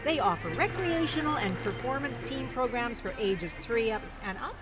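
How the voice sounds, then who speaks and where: A woman giving lively live commentary at an outdoor street parade, exclaiming at what passes by. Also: fairly high pitch, moderate pace. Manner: enthusiastic, exclaiming. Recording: music playing behind.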